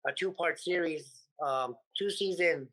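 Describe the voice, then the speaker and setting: A man from the United States, a comedian guest in a casual interview, talking in an animated, profane way and acting out his stories. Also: fairly high pitch, measured pace, poor audio.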